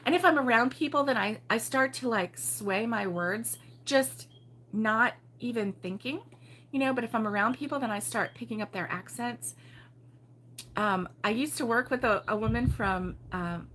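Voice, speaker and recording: A woman's voice: fairly high pitch, normal speed, a bit bright, a little hiss or hum. An older woman from Baltimore hosting a casual crochet livestream, chatty and giggly, rambling with lots of ums. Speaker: crochet show host.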